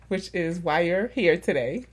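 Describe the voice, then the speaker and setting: A woman's voice: on the low side, expressive, unhurried. A woman hosting a casual podcast, chatty and laughing, with many fillers. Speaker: podcast host.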